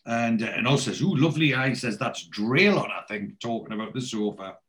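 A man's voice: lowish voice, moderate pace, a bit bright. Man, casual chat, rambling storyteller, quotes characters plainly. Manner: rambling storyteller, quoting characters in his own voice. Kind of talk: casual chat recapping a TV episode.

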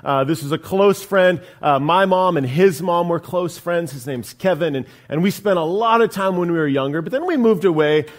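California pastor guy telling a funny story from the pulpit, higher voice, does all the voices. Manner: animated storyteller, acts out voices, self-deprecating humor. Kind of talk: sermon storytelling.

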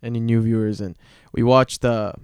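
A young man hosting a casual podcast, talking in a low-energy, laid-back way with lots of swearing. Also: fairly even intonation, moderate pace, a little mellow, clear, resonant tone, no room sound. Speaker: podcast host. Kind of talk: casual chat.

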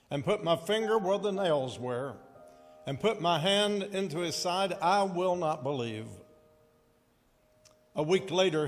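A man preaches in a slow, deliberate cadence, pausing to ask the congregation to repeat lines back to him. His voice sits a little high for a man. The sound carries a long hall reverb with faint music underneath. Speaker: pastor. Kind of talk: sermon with scripture reading.

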